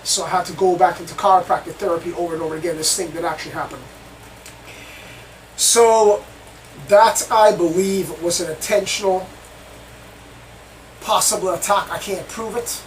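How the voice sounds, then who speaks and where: A man's voice: high voice, fairly even intonation, moderate pace, long pauses. A man hosting his own channel, telling a story in the first person in a rambling, repetitive way. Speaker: channel host. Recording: distant mic, faint background noise.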